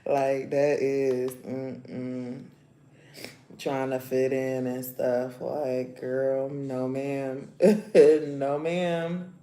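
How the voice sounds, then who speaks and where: A woman hosting a casual livestream, chatting in slang and often breaking into loud laughter. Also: extremely low pitch, level tone, extremely slow, reverberant. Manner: gossipy, bursts into loud laughter; chatty, slangy, talks while doing her nails. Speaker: livestream host.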